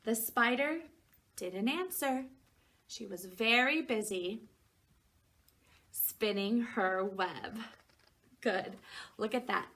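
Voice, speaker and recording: In a picture-book storytime for young children, a preschool teacher reads in a fairly high, unhurried voice. She poses gentle questions and leaves room for answers, calling out animal noises livelier and louder.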